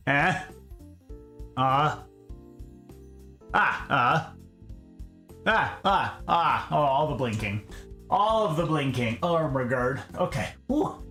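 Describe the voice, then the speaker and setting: A man's voice: a little high, sharp tone. A man hosting a casual livestream, greeting viewers by name in a playful, theatrical, sing-song way. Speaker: livestream host.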